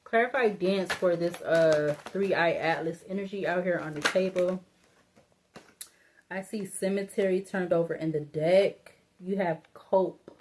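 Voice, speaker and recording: Rambling, low-voiced woman reading tarot. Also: measured pace, darkish tone, slight background noise. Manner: rambling, thinking aloud, laughing to herself; blunt and informal, cursing casually. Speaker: tarot reader. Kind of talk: casual solo tarot reading.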